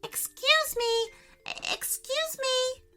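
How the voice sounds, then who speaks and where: Woman doing a tiny cheerful storybook bird, high and springy. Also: measured pace, exaggerated voice. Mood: eager. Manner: eager, polite, excitable.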